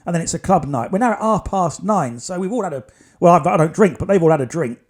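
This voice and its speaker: A man with a fairly high voice tells a long story on his podcast. He rambles from one thing to the next in a casual way and keeps dropping dry little asides. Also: expressive, quick pace. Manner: chatty, digressive, wry asides. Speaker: podcast host.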